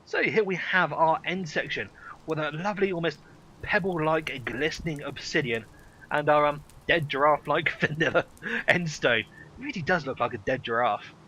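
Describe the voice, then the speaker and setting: Bright, upbeat man reviewing a game. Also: a little high, moderate pace, husky, poor audio. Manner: enthusiastic and playful. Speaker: host.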